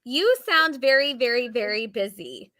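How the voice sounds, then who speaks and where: A woman co-hosting a casual online interview. Her voice is bright and sits fairly high, and she asks her questions in a friendly, encouraging way. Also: expressive, normal speed. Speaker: interview co-host.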